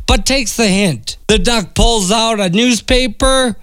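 A man, a radio co-host telling a long joke in an unhurried storytelling manner. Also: sits high, fairly bright tone, clear, resonant tone, dry recording, clean studio sound.

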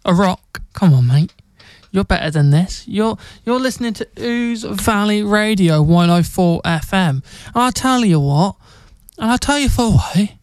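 Chatty, jokey radio DJ. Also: male voice, high voice, lively intonation, a little slow, clear, resonant tone, no room sound. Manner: chatty, jokey, rambling with restarts. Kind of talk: casual radio presenting. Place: radio studio. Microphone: studio mic.

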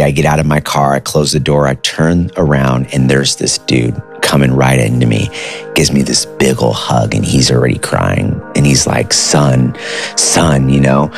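A man in his thirties casually telling a personal story, with a conversational manner full of "like" and "dude". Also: very deep voice. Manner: conversational, uses filler like "like" and "dude".

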